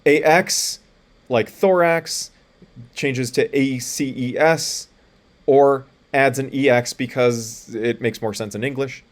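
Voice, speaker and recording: A male college lecturer talks through a recorded lesson in a plain, explanatory way. His voice sits at an ordinary middle pitch. He spells out letters one by one and often pauses on fillers and restarts. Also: fairly even intonation.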